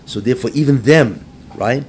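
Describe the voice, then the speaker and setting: Animated rabbi teaching a class. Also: male voice, moderate pace. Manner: animated, rising to near-shouting when acting out the text; mixes Hebrew phrases with English, keeps asking "right?". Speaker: rabbi giving a Torah class. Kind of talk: lecture to a live class. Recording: faint low rumble behind.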